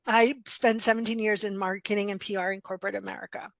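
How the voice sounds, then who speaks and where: A woman's voice: medium pitch, fast talker, gravelly, no echo. A middle-aged woman coach, guest in a casual interview, telling stories bluntly and acting out quoted dialogue. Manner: animated, acts out quoted dialogue, frequent laughs; blunt, direct. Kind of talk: casual podcast interview storytelling.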